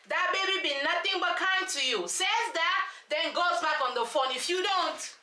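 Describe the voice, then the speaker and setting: A woman, ranting through an animated, slangy recap of a reality show with lots of rhetorical questions. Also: very high-pitched, moderate pace. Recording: echoey room.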